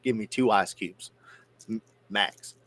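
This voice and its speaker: A man's voice: fairly low pitch, slow, fairly bright tone. A man from near the Georgia-Tennessee border with a Southern accent, co-hosting a casual podcast chat with rambling, profane, jokey storytelling. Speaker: podcast co-host.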